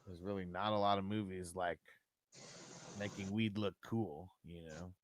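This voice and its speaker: A man's voice: deep voice, steady tone, unhurried, slight background noise. A man hosting a livestream in casual chat, laid-back, swearing freely and saying "man" and "dude" a lot. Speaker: livestream host.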